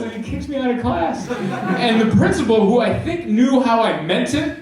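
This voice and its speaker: A man's voice: very high voice, animated, moderate pace, crowd noise. A man performing a stand-up comedy set, telling his story animatedly and acting out scenes. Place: comedy club stage. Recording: echoey stage sound from far off, audience. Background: audience laughing.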